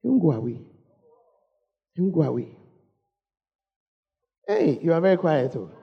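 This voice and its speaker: A woman preacher with a Ghanaian English accent delivers a storytelling sermon. Her husky voice swings widely in pitch as she calls out to the congregation and repeats her points for effect. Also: sing-song, normal speed, muffled recording.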